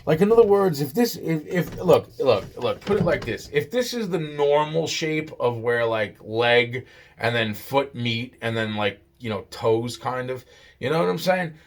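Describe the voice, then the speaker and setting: A man's voice: medium pitch, lively intonation, unhurried. A man telling a long personal story in a rambling, casual way, swearing often and restarting his sentences. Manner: profane, rambling, full of restarts and "it's like".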